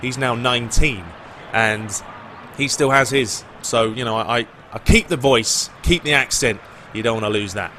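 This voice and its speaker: A young British man, a gaming YouTuber, answering viewer questions in a relaxed, rambling chat. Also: mid-range voice, moderate pace, slight background noise. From Britain. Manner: relaxed, rambling, lots of "you know" and "uh". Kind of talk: casual Q&A chat.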